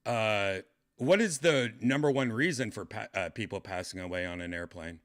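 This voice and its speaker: A man's voice: lowish voice, moderate pace. A man hosting a casual livestream chat, rambling and hesitant, full of fillers and restarts. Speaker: podcast host.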